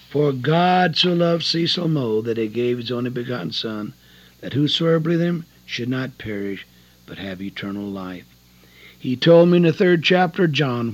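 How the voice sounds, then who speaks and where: Older male evangelist, husky and folksy, earnest testimony sermon, dull old tape quality. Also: mid-range voice. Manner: folksy, earnest storytelling with rising emotional emphasis. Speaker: prison evangelist.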